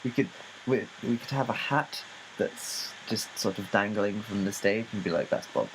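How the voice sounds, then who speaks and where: A man's voice: fairly low pitch, normal speed, fairly bright tone, a little hiss or hum, poor audio. A man co-hosting a casual comedy podcast, talking in a playful way and jumping into silly bits. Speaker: podcast co-host.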